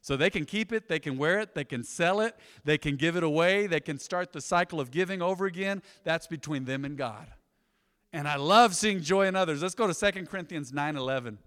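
A male pastor tells stories from the pulpit in a folksy, talkative way. His voice sits a bit high and swings between hushed asides and loud outbursts. A long reverb from the church hall trails every phrase. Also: fairly quick, smooth. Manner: folksy storytelling with sudden loud bursts and soft asides. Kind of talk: sermon. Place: church sanctuary.

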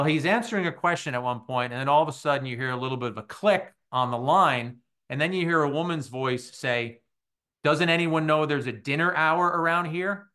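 A middle-aged sports podcast host tells a story in a casual monologue, with a medium-pitched voice. He's an animated storyteller who acts out the voices of the people involved.

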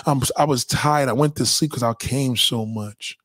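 A man voicing a brash woman who gossips crudely and excitedly to her girlfriend. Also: mid-range voice, moderate pace, no room sound, studio quality, natural voice. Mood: gushing.

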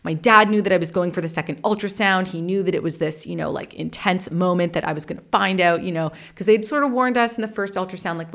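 A woman in her thirties hosting a podcast, telling a personal story in a frank, animated way, swearing casually and laughing often. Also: on the low side, fast talker, vocal fry, few pauses. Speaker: podcast host and meditation teacher.

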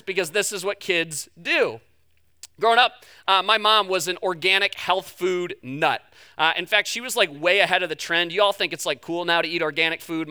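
A pastor in his thirties preaches a sermon, weaving family stories into a Bible passage in a conversational, storytelling style and stressing key points emphatically. His voice sits high, pushed and bright, with a clean tone.

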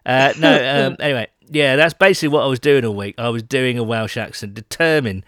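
A man's voice: medium pitch, fairly quick, fairly bright tone, no room sound. British male podcast co-host, chatty and self-mocking, recorded close and dry. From Britain. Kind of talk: casual podcast chat. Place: home, London.

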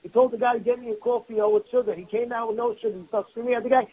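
A rabbi teaching his weekly Torah class delivers a sermon in a very high-pitched, steady voice at rapid-fire speed, heard through narrow, tinny audio. He is emphatic and repetitive, peppering his students with rhetorical questions.

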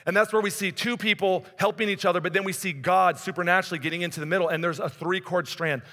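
A man with a high, bright voice preaches conversationally, building up and then dropping to a hush. His voice carries a long reverb through a church hall. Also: steady tone, fast. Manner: conversational preaching, rises and drops in intensity. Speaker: pastor. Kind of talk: sermon.

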